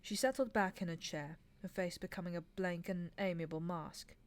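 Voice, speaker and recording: A woman calmly reading a novel aloud in a relaxed stream, with small slips. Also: on the low side, normal speed. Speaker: reader. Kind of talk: audiobook reading.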